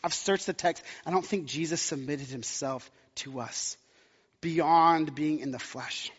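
Man, pastor, fairly high voice, long hall reverb, muffled sound, sermon. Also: unhurried, a bit bright, slightly rough. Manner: impassioned, rising to emphatic climaxes.

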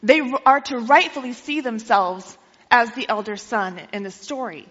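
A woman preacher who tells a parable in a lively way during a sermon and keeps checking in with her listeners. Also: a little high, normal speed. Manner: lively storytelling, asks listeners questions. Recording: dull with long hall reverb.

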